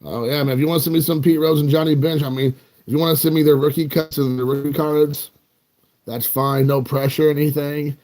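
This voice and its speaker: A man's voice: on the high side, little pitch movement, brisk, darkish tone. Rambling, joking American man in his forties. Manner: rambling, joking, self-mocking. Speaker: card collecting channel host. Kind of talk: casual chat to viewers.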